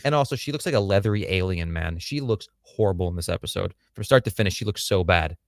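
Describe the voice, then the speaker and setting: A man's voice: low-pitched, fast talker, creaky, dry recording. A man co-hosting a casual show review livestream, blunt and crude with joking asides. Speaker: podcast co-host.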